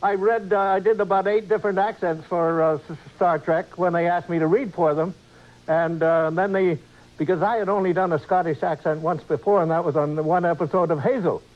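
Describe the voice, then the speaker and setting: A man's voice: sits high, fairly even intonation, brisk. An older man, an actor and talk show guest, telling stories in a rambling, chuckling way. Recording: dull old TV broadcast with faint hiss.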